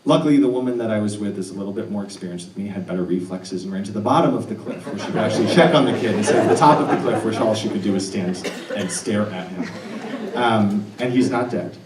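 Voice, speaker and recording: A man telling a true personal story live on stage, earnest and animated with laughing asides. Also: fairly low pitch, quick pace, a crowd in the background. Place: stage in an arts center hall. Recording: roomy hall audio picked up from a distance.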